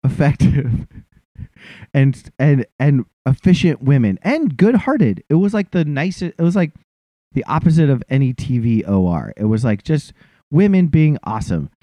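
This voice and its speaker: A man's voice: medium pitch, very animated, normal speed, warm tone, no room sound. A man telling a funny, self-deprecating story in a casual chat and acting out what other people said.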